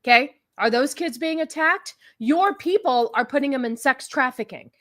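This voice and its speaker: A woman's voice: sits high, normal speed, fairly bright tone. A woman hosting a casual livestream podcast, talking in a sarcastic, mocking way and laughing often. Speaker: podcast host.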